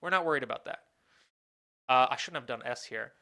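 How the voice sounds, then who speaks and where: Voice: medium pitch, a little fast, sharp tone. A professor giving a recorded lecture, thinking aloud, asking questions and answering them, and often correcting themself mid-sentence. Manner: asks the class questions and then answers them.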